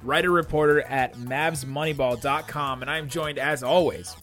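A young man on a casual sports podcast, with a bright, forward voice sitting a little high for a man. He tells stories in an animated way and laughs often as he goes. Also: normal speed, soft background music. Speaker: podcast host.

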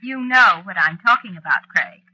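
A coy, jealous witch wife, purring her words in a breathy tone. Her voice swings widely up and down and has a bright, sharp edge. She sounds playful on top and menacing underneath. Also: medium pitch, animated, normal speed, exaggerated voice, poor audio. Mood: teasing. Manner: playful, coaxing, with a cold edge. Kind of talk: 1940s radio acting.

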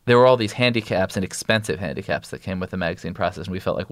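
A man's voice: sits low, rapid-fire, few pauses, no room sound, clean studio sound. A man talking as an interview guest in a podcast, rambling and restarting his sentences as he explains things at length. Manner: rambling, self-interrupting, animated storytelling. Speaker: guest, news editor.

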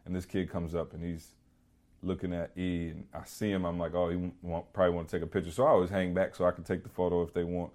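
A man's voice: deep voice, quick pace. A man co-hosting a podcast who tells a story in a casual, rambling way, full of "you know" and "like". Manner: animated, rambling with many "you know" and "like" fillers. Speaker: podcast co-host.

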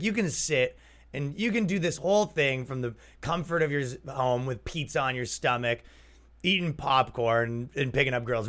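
This is a young man talking casually on his comedy podcast. His pitch swings freely up and down as he riffs and jokes. He keeps the tone loose, often sliding into mock voices to act out a bit. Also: fairly bright tone. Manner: loose, joking, jumps into exaggerated mock voices. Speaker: podcast host.

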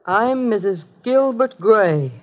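In a muffled 1950s radio drama broadcast, an actress plays a desperate, tense middle-aged wife and mother, earnest and pleading. Her fairly high voice is animated and slow.

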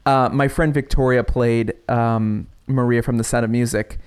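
A man, a playwright guest, telling stories in a lively chat and acting out his characters' lines. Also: mid-range voice, normal speed, smooth. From United States. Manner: acts out his characters' lines in quoted voices, laughs often. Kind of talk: animated storytelling chat.

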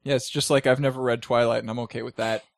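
A man's voice: mid-range voice, fast, gravelly, no room sound, clean studio sound. Laid-back man hosting a gaming podcast. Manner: relaxed, laughs often, tells stories animatedly. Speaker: podcast host. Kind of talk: casual gaming podcast chat.

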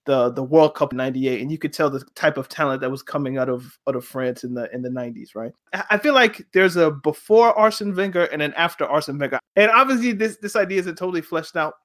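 A man in casual football chat with a co-host, animated and arguing his point through rhetorical questions. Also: on the high side, fast, few pauses. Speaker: podcast co-host.

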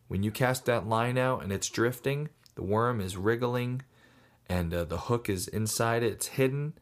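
A man giving a casual, folksy how-to talk on fishing, mixing in stories. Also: lowish voice. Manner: folksy, storytelling. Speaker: fishing instructor.

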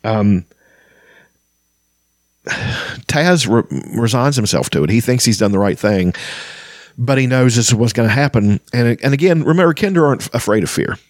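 Reading aloud from a fantasy novel and offering casual commentary, this podcast host stumbles often with ums and restarts. He has a mid-range voice with lively intonation, recorded cleanly in a studio with no echo.

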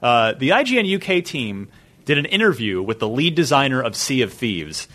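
A man hosting a gaming podcast, talking in an animated, chatty way. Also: mid-range voice, normal speed. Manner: animated, chatty, plugs segments. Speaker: podcast host. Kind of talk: casual podcast chat.

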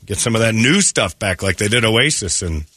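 Man, morning radio host, joking banter, bright voice, lively pitch, slightly husky, dry close sound. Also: moderate pace, dry recording. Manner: jokey, laughing, animated delivery. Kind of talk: casual morning show banter with ad reads.

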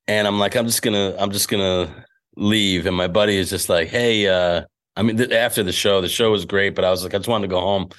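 A comedian telling a quick anecdote in casual chat, jumping into loud impressions. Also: male voice, on the low side. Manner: animated, jumps into loud impressions. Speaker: comedian guest.

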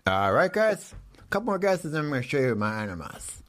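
Deadpan man hosting a comedy show. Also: medium pitch, fairly quick. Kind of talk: mock-serious comedy chat.

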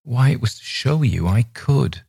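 A man's voice: medium pitch, lively intonation, unhurried, creaky, mellow, slightly rough, no room sound, clean studio sound, pitched above the performer's own voice, exaggerated voice. A man reading a story aloud voices a precocious, sweetly teasing young boy in a raised, coaxing voice.

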